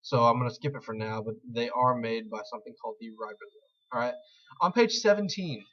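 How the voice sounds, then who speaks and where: A man's voice: medium pitch, fairly quick, fairly bright tone. A young man giving a casual screen-recorded tutorial, rambling and self-deprecating as he explains. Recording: slightly dull lo-fi mic.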